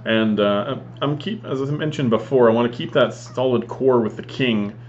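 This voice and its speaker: Relaxed man rambling through his game. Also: mid-range voice, lo-fi sound. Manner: relaxed, rambling, halting restarts. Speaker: tabletop wargame player commentating his match. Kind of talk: voice-over game recap commentary.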